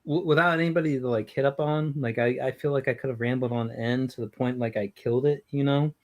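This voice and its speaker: A man's voice: medium pitch, fairly even intonation, quick pace, a little mellow, highs cut off. A man co-hosting a casual podcast chat, laid-back and rambling. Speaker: podcast co-host.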